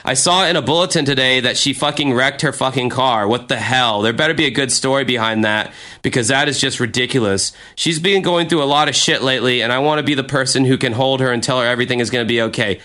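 A man's voice: medium pitch, fast, hardly any pauses, bright, forceful tone. A young American man reading his old journal aloud with a friend, self-mocking and swearing freely. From United States. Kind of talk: casual chat reading aloud.

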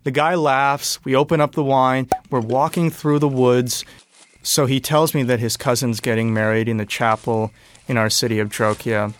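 A young man telling a personal story, animated and breathless, with sudden loud bursts. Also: medium pitch, moderate pace. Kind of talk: personal story told on stage.

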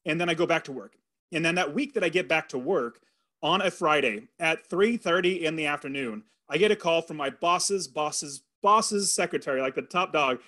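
A middle-aged man recounts a personal story as a podcast guest, earnest and animated. His voice sits a little high for a man. He voices his own past thoughts as he goes. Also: normal speed. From California. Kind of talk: storytelling in an interview.

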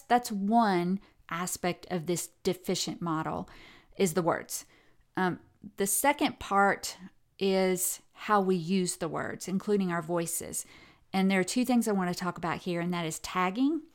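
A woman giving a conversational lecture, restarting sentences often and acting out quoted speech with lively intonation. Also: lowish voice. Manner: conversational, with many fillers and self-corrections; animated, reads quotes aloud with expressive intonation. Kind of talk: recorded lecture on language and gender.

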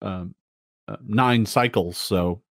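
A man voicing a plain-spoken female deep gnome guide, matter-of-fact and a little hesitant. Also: slow pace, gravelly, dry recording, clean studio sound.

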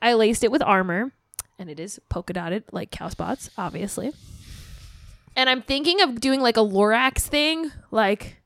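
Giggly high-voiced young woman. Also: moderate pace, a bit bright, no room sound. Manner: giggly, rambling, laughs often. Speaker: podcast co-host. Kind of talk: casual chat.

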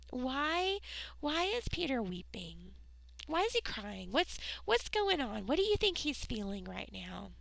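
Slow, gravelly-voiced woman teaching kids. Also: sits high, very animated, a bit bright, no echo, rough recording. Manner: slow, earnest storytelling that drops into whispers for emphasis. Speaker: children's Bible teacher. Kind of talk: Bible lesson read aloud to kids.

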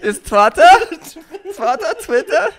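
A campy German voice put on by a podcast host that tacks "yeah" onto every sentence. It sits high and swoops widely. The delivery is slow and drawn out. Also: male voice, very animated, fairly bright tone, full character voice.

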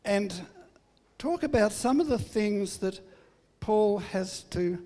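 An older male preacher delivers a sermon in a large hall, sharing family stories with humor and self-deprecation. His voice sits high and sounds mellow, animated, and slow.

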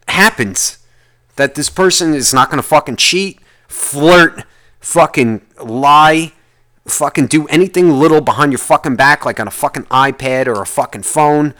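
A man's voice: fairly high pitch, unhurried, a bit bright. A man hosting a solo podcast, ranting in a rambling way and swearing constantly as he vents. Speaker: podcast host. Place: lives in the United States.

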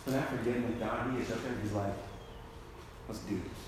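A man's voice: mid-range voice, steady tone, very fast, background noise. A young man giving a casual sermon, full of slang, who acts out the people in the story as he tells it. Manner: slangy and conversational, full of "dude" and "like". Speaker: youth speaker at a church. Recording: echoey hall with faint ambience.

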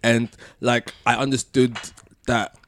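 A man telling a long personal story on a podcast, full of restarts and soft laughs. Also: medium pitch, little pitch movement, takes it slowly, slight background noise. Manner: rambling, many restarts, laughs between phrases. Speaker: podcast co-host. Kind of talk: casual storytelling chat.

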